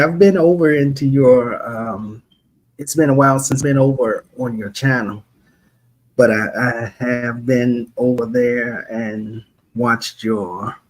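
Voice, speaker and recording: A man speaking as a guest on a casual panel, talking politely and haltingly. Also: mid-range voice, poor audio.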